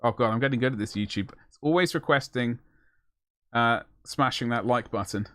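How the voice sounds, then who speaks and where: A man's voice: medium pitch, normal speed, fairly bright tone, dry recording, clean studio sound. A young man chatting casually and jokingly while painting miniatures on a live stream, rambling with self-mocking asides.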